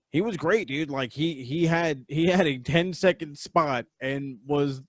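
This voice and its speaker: A man's voice: on the high side, a little slow, few pauses, dry recording, clean studio sound. A man hosting a podcast, giving a casual, rambling, profane review of a wrestling event on a live stream. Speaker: podcast host.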